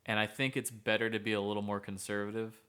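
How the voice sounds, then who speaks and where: A man co-hosting a podcast, a therapist speaking in an earnest, measured, advising way in casual chat. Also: lowish voice, little pitch movement, sharp tone, clear, resonant tone.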